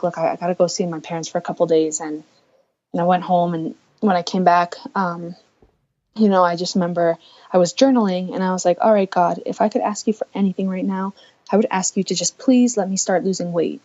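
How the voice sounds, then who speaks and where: Young woman, podcast guest, earnest storytelling, lowish voice, dull lo-fi sound. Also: fairly even intonation, fairly quick, darkish tone. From United States. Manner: earnest, voices her own past thoughts aloud. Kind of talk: candid personal storytelling.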